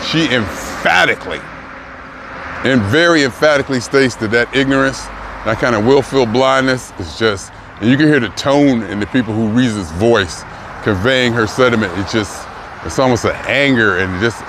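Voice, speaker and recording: Rambling older man outdoors by traffic. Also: mid-range voice. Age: 60s. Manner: rambling, repeats himself, emphatic. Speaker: vlogger. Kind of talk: reflective casual monologue. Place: outdoors near a car rental lot. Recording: noisy outdoor street recording. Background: traffic and city noise.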